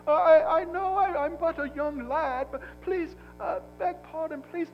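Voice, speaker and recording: A man's voice: very high-pitched, a little slow, dull audio, voice pushed up. A man putting on a fretful young Englishman. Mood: pleading. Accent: British. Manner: pleading, fretful, stammering. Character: nervous young man, endlessly apologizing.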